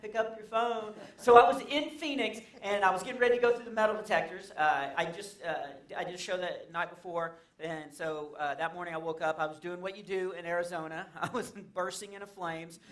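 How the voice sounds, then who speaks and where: A man's voice: sits high, a bit bright. A man performing a stand-up comedy set in a church, telling stories animatedly, acting out characters and laughing at his own jokes. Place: church stage before a laughing audience.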